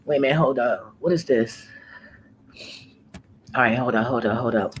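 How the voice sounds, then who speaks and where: A woman's voice: rumbling low, measured pace, pauses often, a little hiss or hum, poor audio. A woman who works as a home care worker, talking casually in a vlog. She tells her story in a profane, rambling way, often trailing off and starting over.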